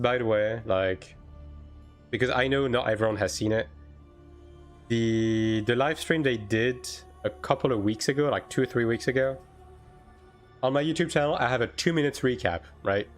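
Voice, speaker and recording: A chatty male streamer talks loosely to his chat at a mid pitch, full of fillers and sudden quick bursts. Soft music runs faintly behind him. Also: animated. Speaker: game streamer. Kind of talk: casual live-stream chat, answering chat.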